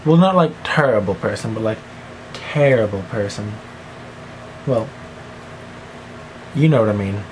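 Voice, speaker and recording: A man's voice: on the low side, lively intonation, a little fast, noisy background. A teenage boy rambling goofily in a one-take vlog monologue, jumping between silly voices and mumbled asides. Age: teens. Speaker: vlogger.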